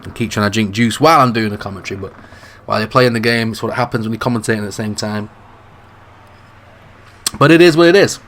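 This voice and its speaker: A man with a dry, slightly coughy throat giving play-by-play commentary on a football video game. His call is mostly low-key and jumps into excited shouts at goal chances. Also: racing, a little hiss or hum. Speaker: gaming channel host.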